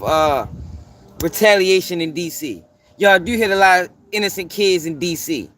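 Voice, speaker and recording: A commentary channel host from Baltimore goes on a heated rant in a high, fairly bright voice. He's profane and emphatic, repeating his points for stress.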